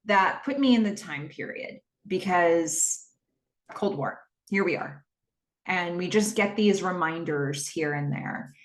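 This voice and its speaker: A woman's voice: fairly low pitch, echoey room. A woman hosting a podcast, casually retelling a TV episode scene by scene and quoting the characters as she goes. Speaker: podcast host.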